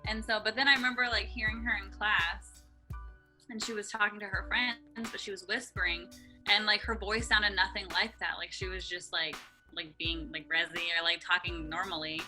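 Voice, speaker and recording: A woman's voice: medium pitch, steady tone, moderate pace, sharp tone, soft background music. A young woman co-hosting a podcast, chatting casually and rambling with lots of "like". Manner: rambling, heavy use of "like". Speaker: podcast co-host. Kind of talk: casual chat.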